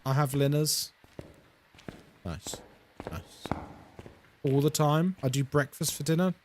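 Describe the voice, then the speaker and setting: A man's voice: on the high side, fairly even intonation, fairly quick, background noise. A young man streaming a horror game, chatting casually and playfully with his viewers as he plays. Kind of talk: casual live-stream chat while gaming.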